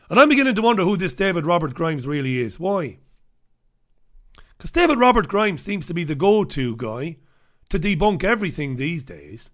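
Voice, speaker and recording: A man's voice: high voice, a bit bright. A man hosting a radio show, delivering an angry, sarcastic monologue full of swearing. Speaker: radio host. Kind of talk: ranting monologue.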